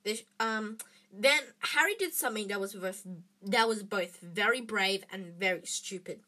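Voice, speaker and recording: Bright-voiced woman reading a storybook aloud. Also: medium pitch, a little slow. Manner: expressive, with small slips and restarts. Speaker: reader. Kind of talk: reading a children's book aloud.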